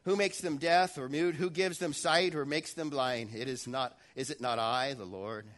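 A man's voice: mid-range voice, fairly even intonation, moderate pace, fairly bright tone, close to an everyday voice. A man preaching a sermon, speaking as God, asking firm, reassuring questions in his own voice. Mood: assuring. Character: God, calm and assuring male voice.

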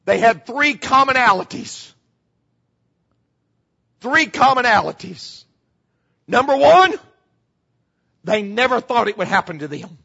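A middle-aged male pastor preaches a dramatic sermon in a high, bright voice that is gravelly with a husky edge. Very animated yet slow, he leaves long pauses, repeats key phrases, and drops into hushed tones. The recording sounds muffled and slightly lo-fi.

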